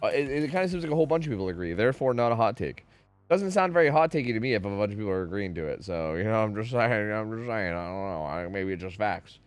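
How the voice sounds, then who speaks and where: Guy streamer chatting to his chat, voice jumps all over, swears a lot, bit of music low behind him. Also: fast talker, dry recording. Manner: animated, profane, ranting. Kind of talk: casual chat.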